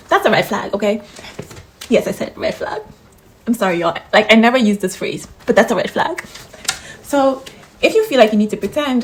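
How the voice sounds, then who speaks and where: A young woman from Ghana talking candidly in a casual vlog, giving gentle, reassuring advice. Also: medium pitch, a little hiss or hum, low-quality recording. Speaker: vlogger.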